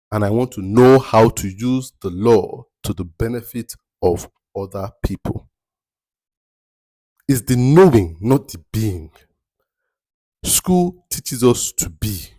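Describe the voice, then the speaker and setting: A man's voice: lowish voice, lively intonation, slow pace, long pauses, warm tone, no room sound. A man giving a motivational talk as a mentor, emphatic and rhetorical, repeating his key phrases. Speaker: mentor giving life advice.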